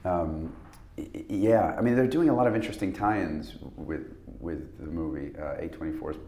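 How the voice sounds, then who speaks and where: A man in a casual interview, talking about his acting work in a halting, rambling way with many restarts. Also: rumbling low, mellow, echoey room, slight background noise. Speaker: actor guest.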